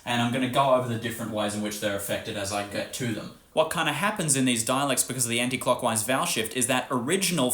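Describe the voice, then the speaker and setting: A man's voice: mid-range voice, fairly bright tone, roomy sound. A man with an Australian accent giving a casual, chatty lesson on accents, swearing offhandedly and demonstrating vowel sounds. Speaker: language teacher.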